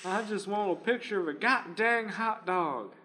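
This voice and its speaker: A young man co-hosting a comedy podcast, loose and joking, with a high voice. A long echo hangs in the room around him. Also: pushed and bright. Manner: loose, joking, quick to laugh. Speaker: podcast co-host. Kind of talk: casual comedy banter. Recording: reverberant room.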